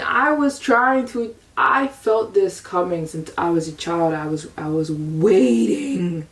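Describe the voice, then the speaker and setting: Her voice is lowish and animated, slow-paced yet with few pauses. A young adult vlogger from the United States, she rambles through a frank personal story, confessional and repetitive, sounding a little far from the mic.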